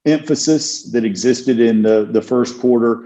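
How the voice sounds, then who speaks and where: A man who is a criminal defense attorney, talking through an interview in a measured, thoughtful way with many ums and uhs. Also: mid-range voice, warm tone. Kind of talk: casual interview talk. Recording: dull lo-fi sound.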